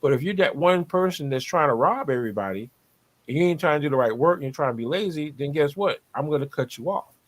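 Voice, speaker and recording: A man's voice: on the high side, animated, fast. A man, talking on a video call as a podcast co-host, preachy and motivational, repeating his points. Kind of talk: casual panel talk over video call.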